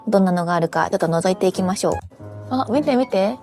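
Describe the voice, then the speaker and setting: A woman from Japan narrates a travel vlog at a very rapid clip, chatting and musing aloud to herself as she browses. Her voice sits at a middle pitch, with faint music playing underneath. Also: dark tone. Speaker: travel vlogger.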